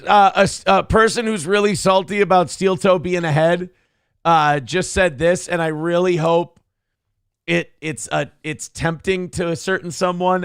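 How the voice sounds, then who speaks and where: A man's voice: high-pitched, a bit bright, smooth, no echo, clean studio sound. A man co-hosting a casual morning talk show, teasing his co-host and reading viewer comments aloud. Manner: teasing, joking, reads chat comments aloud.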